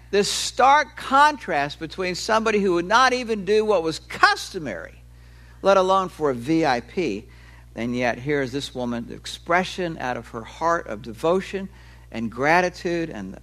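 A man preaching a sermon in a fairly high, animated voice that climbs and drops freely. He talks to the congregation conversationally, explaining with everyday examples. He slows down and leans on key words.

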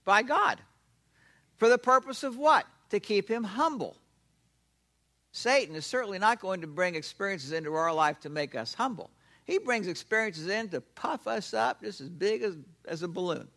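A man preaching a sermon, animated and emphatic, asking questions and answering them himself. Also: high-pitched, moderate pace. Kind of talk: expository sermon.

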